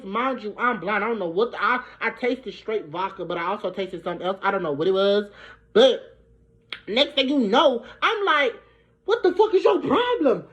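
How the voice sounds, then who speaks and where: A young woman from Brooklyn, telling a profane, animated storytime. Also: on the high side. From Brooklyn, New York. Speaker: vlogger. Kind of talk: storytime vlog. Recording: dull lo-fi recording.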